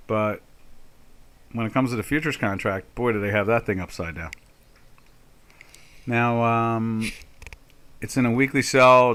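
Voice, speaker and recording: With a mid-range, slightly bright voice, an older man runs a live trading session as its webinar host. His market commentary is casual, peppered with folksy jokes and mock exasperation.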